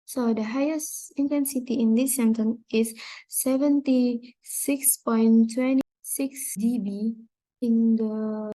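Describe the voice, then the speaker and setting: A woman's voice: a little high, steady tone, slow, warm tone, dry recording, poor audio. A young woman whose first language is Indonesian, a student presenting an exam project in a screen-recorded walkthrough, carefully reading out measurements step by step. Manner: careful, reads out numbers step by step.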